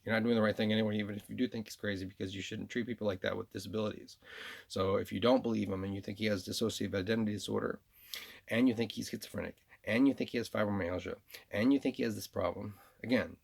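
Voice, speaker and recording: A man's voice: lowish voice, steady tone, quick pace, vocal fry, slightly rough. A man vlogging in a rambling monologue, full of restarts and repeated words.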